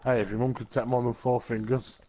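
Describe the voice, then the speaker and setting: A man's voice: mid-range voice, flat delivery, fairly quick, background noise. A man, trading crude, teasing banter on a livestream. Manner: profane, teasing. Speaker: livestream chatter.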